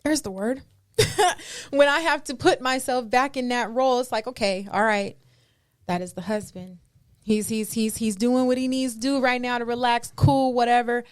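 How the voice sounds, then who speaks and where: A woman co-hosting a podcast, chatting casually and deliberately, often repeating herself to drive a point home. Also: on the high side, steady tone, smooth. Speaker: podcast co-host. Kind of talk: casual chat.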